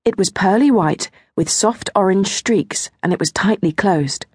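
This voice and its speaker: A woman narrating a children's storybook in a gentle, expressive way, slowing down on small details. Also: mid-range voice, husky, no room sound, studio quality. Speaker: audiobook narrator.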